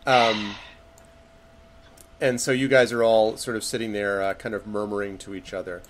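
Low-voiced man running a tabletop game. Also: little pitch movement, moderate pace. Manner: loose narration with many fillers, quoting characters. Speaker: game master.

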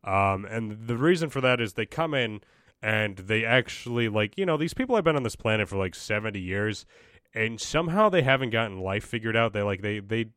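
Profane, exasperated young podcast host. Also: male voice, on the low side, expressive, fairly quick, fairly bright tone, smooth, no echo, studio quality. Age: young adult. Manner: profane, exasperated ranting, many restarts. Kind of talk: casual ranting solo podcast.

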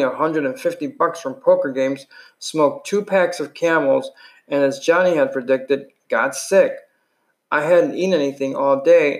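Man reading a novel aloud, unpolished. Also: mid-range voice. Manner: unpolished, with restarts and slips. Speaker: reader. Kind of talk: first-person novel read aloud.

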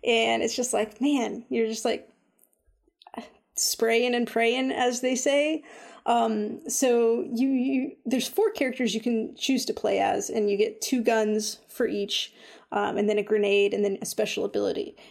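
A woman chatting casually about a game she has been playing, full of "like" and "um", animated when she retells her own reactions. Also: on the high side, a little slow, creaky. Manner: chatty, lots of fillers like "like" and "um". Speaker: video game reviewer. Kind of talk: casual chat.

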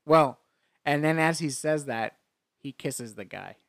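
A man's voice: a little high, animated, measured pace, vocal fry, dry recording, clean studio sound. A man in casual chat, animatedly retelling a film scene by scene, often laughing and acting out the characters' lines. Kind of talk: casual chat recapping a movie.

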